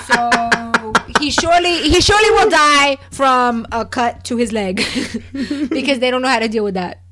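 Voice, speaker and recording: A woman co-hosting a casual recap chat, animated and sarcastic, often laughing as she talks. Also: fairly high pitch, unhurried. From Puerto Rican family. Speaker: co-host.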